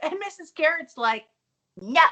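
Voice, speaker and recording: A young woman co-hosting a casual podcast recap, animated and swearing freely as she acts out characters. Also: on the high side, normal speed. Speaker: podcast co-host.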